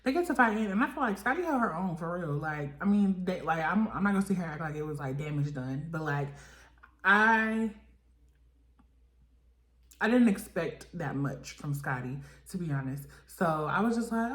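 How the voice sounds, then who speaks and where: A woman recapping a reality TV episode in casual chat, acting out the cast's lines with big jumps in pitch. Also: normal speed, echoey room. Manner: animated, acts out quotes with lively pitch jumps.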